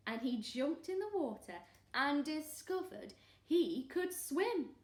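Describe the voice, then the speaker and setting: A woman teacher reads a picture book aloud to young children, animated and expressive. Her voice sits high and swings widely. She takes it slowly, and a roomy echo hangs on her words. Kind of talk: storybook read-aloud for children.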